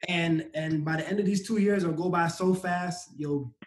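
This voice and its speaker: A man who is a sprinter, a guest in a casual conversation, thoughtfully recalling his past with many pauses. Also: a little high, reverberant, low-quality recording. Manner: reflective, hesitant with many ums.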